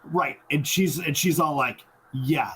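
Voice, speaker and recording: A man co-hosting a podcast, explaining movie details in halting bursts with many restarts. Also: mid-range voice, a bit bright, poor audio. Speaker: podcast co-host. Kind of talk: casual movie discussion.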